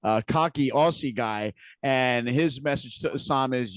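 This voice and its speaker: A man's voice: mid-range voice, measured pace, a bit bright, dry recording. A man co-hosting a podcast, casually retelling scenes with frequent restarts and repeated words. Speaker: podcast co-host. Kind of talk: casual recap chat.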